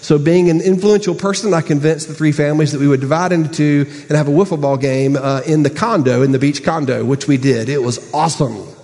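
A man preaches a sermon in a slightly higher voice than most men, his words ringing out with a long hall reverb. He tells a story, swinging between lifted, urgent bursts and quiet, hushed asides. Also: a little fast, hardly any pauses. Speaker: pastor.

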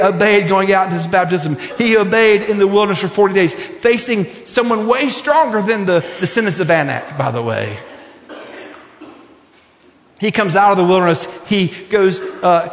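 A male pastor preaching a sermon with passion, swinging from near-shouts to hushed, earnest appeals. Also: sits high. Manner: impassioned preaching, rising to shouts and dropping to hushed prayer. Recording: echoey hall with long reverb.

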